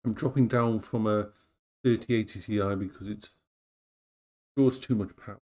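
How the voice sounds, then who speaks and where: Here a middle-aged male vlogger chats at home, filmed with a tablet as an action cam. He speaks at normal speed in a lowish, mellow voice with fairly even intonation, rambling playfully and using a cooing voice for his dogs.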